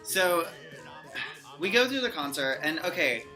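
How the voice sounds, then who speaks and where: A young woman excitedly telling a fan story in a casual vlog, gushing and giggly. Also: deep voice, unhurried. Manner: gushing fangirl, giggly, animated quoting. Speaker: vlogger. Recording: music playing behind.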